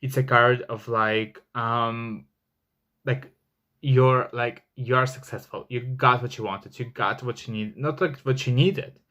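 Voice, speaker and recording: A man reads tarot cards to camera in a loose, casual way. He talks emphatically, with many fillers and the odd curse. His voice sits at an ordinary middle pitch. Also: fairly even intonation, takes it slowly, bright, forceful tone. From Russia. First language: Russian. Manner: chatty and emphatic, heavy on "like" fillers and swearing. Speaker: tarot reader.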